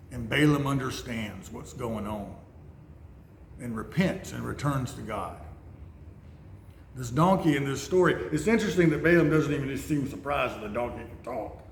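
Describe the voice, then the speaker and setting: A man's voice: medium pitch, creaky. Man telling stories in an echoey church. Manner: rambling, conversational storytelling. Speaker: speaker. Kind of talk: storytelling sermon. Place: church building. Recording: echoey room, faint noise.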